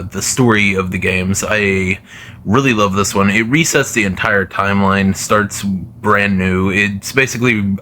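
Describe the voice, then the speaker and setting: Man, low-pitched but bright, forceful tone; casual, rambling gaming commentator full of fillers. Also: slight background noise. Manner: rambling, many fillers and restarts. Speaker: gaming video creator.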